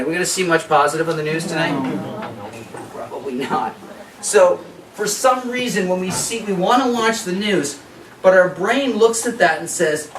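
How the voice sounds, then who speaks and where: A man giving a health workshop, talking lively and asking the audience questions. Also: on the high side, a little hiss or hum. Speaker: workshop presenter. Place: workshop room. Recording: echoey room, distant mic.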